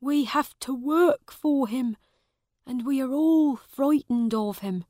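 A woman's voice: high voice, slow pace, warm tone, no echo, pitched above the performer's own voice. A woman voicing a small, worried, loyal old manservant in a storybook reading.

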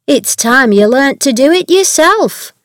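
A woman's voice: sits high, lively intonation, a little slow, no room sound, pitched above the performer's own voice. A woman doing a cheerful young servant girl. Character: cheerful young female servant, chatty and kind.

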